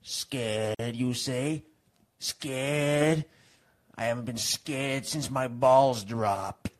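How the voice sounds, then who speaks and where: A performer voicing a bloodthirsty boy who just hit puberty, talking in a low, menacing tough-guy voice with a northeastern Italian-American accent. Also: extremely slow.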